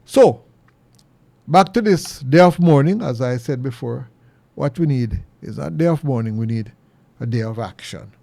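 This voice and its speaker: A middle-aged Jamaican man hosting a commentary show, talking earnestly and preachily, his pitch jumping high when he presses a point. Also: animated, moderate pace, gravelly, dark tone, no echo. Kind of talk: opinion monologue.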